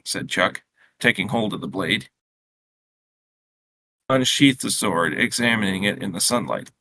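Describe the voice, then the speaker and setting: A man reading his own short story aloud in a steady, unhurried way, with small slips and restarts. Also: lowish voice, dry recording.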